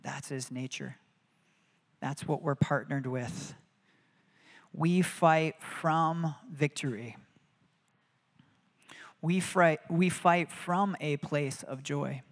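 A man's voice: on the high side, very slow, long pauses, in a large hall. A man preaching a sermon in an earnest, conversational way, with prayers spoken aloud.

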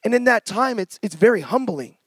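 A middle-aged man preaching a testimony sermon, telling his story with passion and bursts of shouting, then reading scripture slowly and softly. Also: sits high, animated, husky, no echo.

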